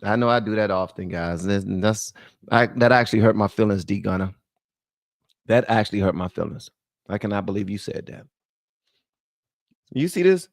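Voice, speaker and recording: A man's voice: on the low side, animated, normal speed, pauses often, no echo, studio quality. A man hosting a casual livestream, talking in a rambling, chatty, self-deprecating way into a podcast microphone. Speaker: livestream host. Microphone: podcast mic through a mixer.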